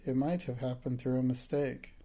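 A man reading an audiobook, voicing a frail, agitated older invalid gentleman who speaks urgently and breathlessly. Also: medium pitch, flat delivery, normal speed, close to an everyday voice.

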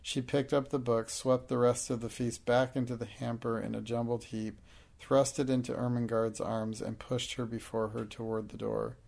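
Man reading a storybook out loud, gravelly and pretty monotone, steady pace. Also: mid-range voice, moderate pace. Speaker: narrator. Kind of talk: audiobook narration.

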